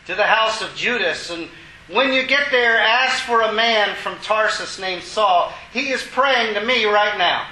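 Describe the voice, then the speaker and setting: The solemn, commanding voice of the Lord, as a male preacher reads it aloud in a sermon. Each line is measured and firm, in a high, bright voice. The sound echoes around a roomy room. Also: heavily acted.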